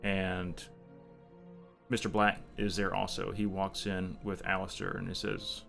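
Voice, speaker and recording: A man narrating as game master of a tabletop role-playing game, relaxed and halting, with many fillers. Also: low-pitched, vocal fry, soft background music.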